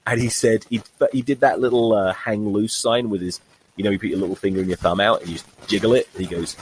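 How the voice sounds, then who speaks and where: A man's voice: lowish voice, brisk, a little hiss or hum, rough recording. A man in his forties hosting a podcast, telling a rambling, wry comic monologue and swearing freely. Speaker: podcast host. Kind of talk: comedic monologue.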